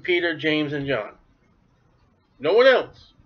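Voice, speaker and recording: A man's voice: a little high, big pitch swings, takes it slowly. A man preaching a sermon, talking animatedly and acting out the voices of biblical figures. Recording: dull lo-fi recording.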